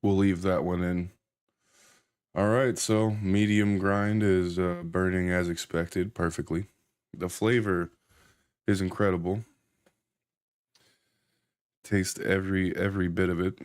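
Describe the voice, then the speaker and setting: A man casually chatting on a live stream while reviewing a grinder, loose and rambling, sounding high and a little out of breath. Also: flat delivery, measured pace, pauses often. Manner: laid-back, rambling, loose.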